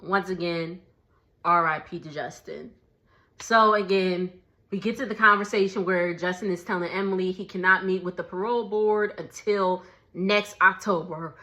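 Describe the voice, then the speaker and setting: Bright-voiced chatty woman recapping TV. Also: on the low side, normal speed. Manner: chatty, laughs often, animated asides. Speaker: reality TV recap host. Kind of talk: casual recap chat.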